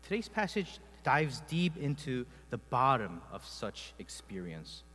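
A pastor from South Korea preaching a sermon, telling personal stories in a conversational way with many filler sounds. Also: male voice, medium pitch, very animated, measured pace, a bit bright, in a large hall.

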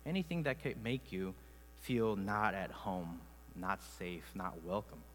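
Korean-born pastor preaching in a reverberant hall. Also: male voice, sits low, expressive, measured pace, a bit bright. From South Korea. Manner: conversational storytelling with frequent filler sounds. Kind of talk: sermon.

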